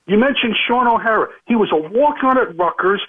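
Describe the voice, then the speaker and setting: High-voiced caller on a tinny phone line. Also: male voice, animated, brisk. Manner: agreeable, nostalgic complaining. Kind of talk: call-in talk radio.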